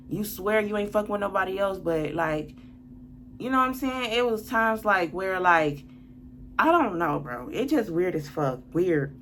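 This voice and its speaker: Worked-up woman venting, low voice. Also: fairly bright tone, slight background noise. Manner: blunt, profane, venting and worked up. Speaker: vlogger telling a story. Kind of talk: casual storytime monologue.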